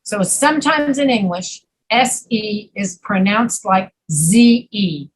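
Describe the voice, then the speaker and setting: A woman teaching an English pronunciation class, patiently repeating words slowly to demonstrate sounds. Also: mid-range voice, animated, husky, low-quality recording. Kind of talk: online pronunciation lesson.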